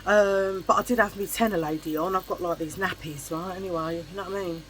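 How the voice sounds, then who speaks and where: In a casual vlog, a middle-aged woman spins a long, chatty tale, swearing freely and doing voices for the people in her anecdotes. Her pitch sits fairly low and she talks a little fast, animated and blunt throughout. Audio quality is poor.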